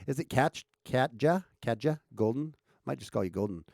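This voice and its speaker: Livestream host, American man, loose and rambling, reads chat aloud, gravelly tone. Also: mid-range voice, expressive, moderate pace, darkish tone, no room sound, clean studio sound. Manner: rambling, with frequent restarts and chuckles. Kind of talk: casual livestream chat, reading comments aloud.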